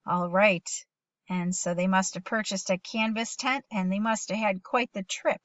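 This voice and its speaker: A middle-aged woman leads a phonics lesson for young children, patient and encouraging as she sounds out words and reads sentences slowly with them. Her voice sits at an ordinary pitch. The recording is dry and a little dull, made at home. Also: steady tone, a bit bright, no room sound. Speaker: teacher.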